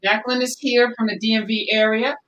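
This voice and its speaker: A woman's voice: on the high side, flat delivery, a little fast, a bit bright, lo-fi sound. A woman hosting a talk show, bringing in a caller with short, affirming remarks. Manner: brief, affirming interjections. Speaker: show host.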